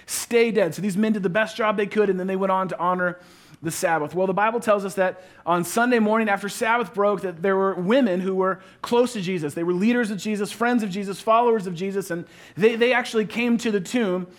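A male pastor preaching a sermon, retelling a scripture story with playful asides and dropping into a quiet, hushed voice for reflective moments. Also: high voice, fairly quick.

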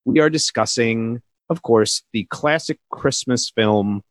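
A man's voice: mid-range voice, unhurried, dry recording. A man co-hosting a casual podcast, upbeat and joking as he introduces the episode. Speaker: podcast co-host. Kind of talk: casual chat.

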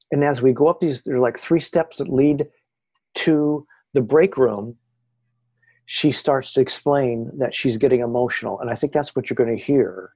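A man who is a guest on a podcast, telling stories in an animated, excited way. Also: medium pitch, breathy edge. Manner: excited, lively retelling. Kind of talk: animated storytelling.

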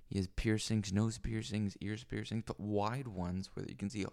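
Gravelly man rambling alone on a mic. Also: lowish voice, little pitch movement, normal speed, a little mellow. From lives in Los Angeles. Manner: rambling, crude, many fillers and restarts. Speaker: solo podcaster. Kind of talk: rambling solo monologue. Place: small home room with foam panels. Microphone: microphone on a stand.

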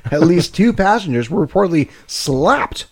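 A man's voice: on the high side, very animated, normal speed, slightly rough. A man hosting a comedy podcast, swearing freely, laughing often and reading news with mock gravity. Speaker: podcast host. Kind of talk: crude comedic commentary.

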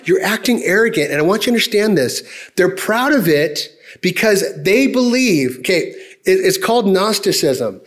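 A man preaching a sermon in a conversational, emphatic way, often asking the congregation direct questions. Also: high voice. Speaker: pastor.

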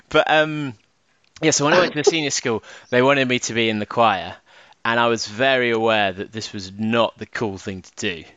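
A man co-hosting a podcast in casual chat, laughing often and swinging between high and low. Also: normal speed, a bit bright, no room sound, dull audio. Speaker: podcast co-host.

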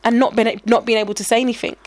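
A woman's voice: on the high side, very fast, background noise. A woman, co-hosting a podcast in casual chat, telling stories animatedly and acting out what people said. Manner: animated storytelling, acting out quoted dialogue. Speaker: podcast co-host and teacher.

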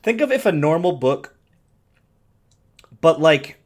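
A man's voice: fairly high pitch, big pitch swings, takes it slowly. A young man in casual chat, rambling with lots of fillers and swearing.

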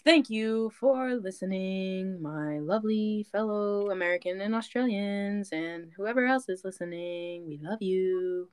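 A woman's voice: mid-range voice, measured pace, hardly any pauses, smooth, no echo. A young woman co-hosting a podcast in casual chat, playful and teasing, laughing often. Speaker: podcast co-host.

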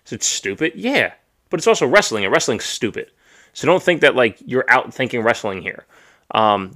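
A man's voice: medium pitch, bright, forceful tone. A man hosting a casual wrestling podcast, ranting bluntly and swearing freely as he gives his opinions. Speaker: podcast host. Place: home streaming setup.

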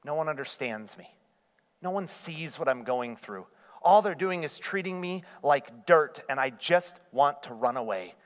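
A man's voice: fairly high pitch, expressive, a little slow. A man preaching a sermon voices a misunderstood pregnant servant woman who wants to flee. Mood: self-pitying. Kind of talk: acted quote in a sermon. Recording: long reverb of a hall.

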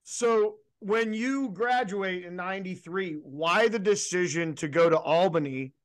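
A man's voice: high-pitched, unhurried. A man hosting a podcast interview, chatty and asking long winding questions. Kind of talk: casual interview.

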